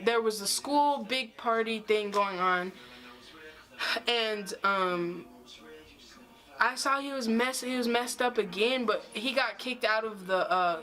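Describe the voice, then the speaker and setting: A woman's voice: mid-range voice, bright, forceful tone, poor audio. A young woman telling a personal story to camera in a casual vlog, rambling with lots of "like" and restarts. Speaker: vlogger.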